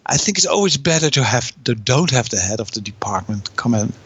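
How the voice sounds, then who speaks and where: Dutch guy, non-native english, earnest and a bit halting, dead dry recording. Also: medium pitch, animated, a bit bright, breathy edge, dry recording, highs cut off. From Netherlands. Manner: earnest, halting phrasing with restarts. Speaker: guest, ER nurse. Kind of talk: conversational interview.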